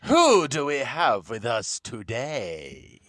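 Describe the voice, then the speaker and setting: A man's voice: mid-range voice, wildly swooping pitch, slow, a bit bright, no room sound. An English-accented man co-hosting a podcast in a goofy, self-mocking way. He rambles a bit as he talks. The sound is dry, with no room to it. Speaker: podcast co-host. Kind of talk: casual podcast chat.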